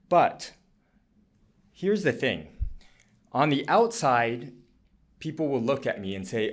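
A man, a physician, giving a presentation talk in an earnest, explanatory way with frequent fillers. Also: fairly low pitch.

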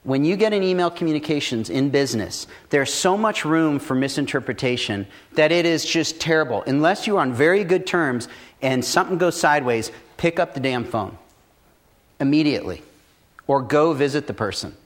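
A man's voice: on the high side, moderate pace. Blunt, profane man giving business advice. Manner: profane, blunt, animated storytelling. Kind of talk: casual motivational talk.

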